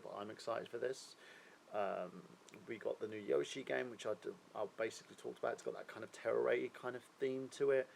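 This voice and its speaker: A man's voice: fairly low pitch, creaky, slight background noise, low-quality recording. A man hosting a live stream, chatting casually and rambling through his opinions while asking viewers questions; he sounds a little unwell.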